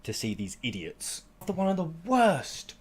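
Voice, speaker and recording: A man's voice: fairly high pitch, wildly swooping pitch, normal speed, husky. Sweary, heated man ranting. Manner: heated and sweary, with bursts of shouting. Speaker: gaming vlogger. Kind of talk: angry rant to camera.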